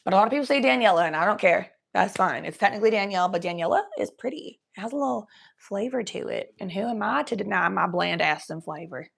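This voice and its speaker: A woman's voice: mid-range voice, lively intonation, fast talker, creaky, slightly rough. A young woman from the Cincinnati area, chatting casually on a livestream, swearing freely and reading chat aloud. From Cincinnati area, USA. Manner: chatty, swears freely, reads chat aloud, slips into baby talk for pets.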